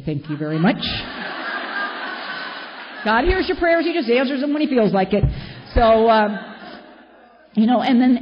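Older woman telling a wry story in a hall. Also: medium pitch. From Southern California. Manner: candid, wry, lively storytelling. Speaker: speaker at a recovery meeting. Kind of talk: personal story told to an audience. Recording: echoey hall, dull lo-fi sound, faint noise.

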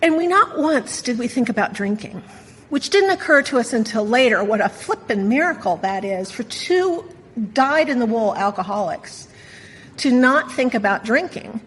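A woman's voice: fairly high pitch, lively intonation, moderate pace, big-room sound, slight background noise, rough recording. A middle-aged woman sharing a personal story at a recovery meeting, wry, candid and self-mocking.

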